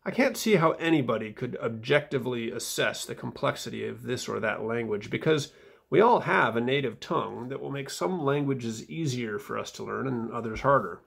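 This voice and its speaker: A man reading his own footnotes aloud in a casual vlog, dry and wry, with fillers and soft mumbled asides. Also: mid-range voice, expressive, normal speed, creaky, slightly rough.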